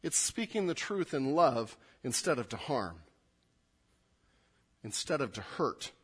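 A man preaching a sermon, moving from quiet, low asides to loud, emphatic readings of scripture. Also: sing-song, unhurried, slightly rough. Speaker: pastor.

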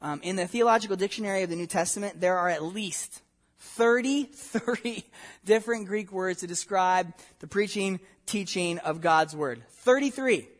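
A pastor with a notably high voice delivers an earnest sermon. He presses his points with emphatic rhetorical questions. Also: moderate pace.

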